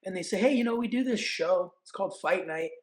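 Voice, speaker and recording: A man in his forties from California, a guest telling stories in casual chat, acting out quotes with animated energy. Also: high voice, brisk, rough recording. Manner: animated, acts out quotes and announcer calls. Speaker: podcast guest, actor and event announcer. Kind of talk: casual storytelling.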